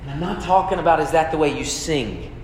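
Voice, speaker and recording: A man's voice: a little high, animated, fairly quick, darkish tone, a little hiss or hum. A pastor preaching a sermon in an earnest, conversational way, asking his listeners questions. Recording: echoey hall with long reverb.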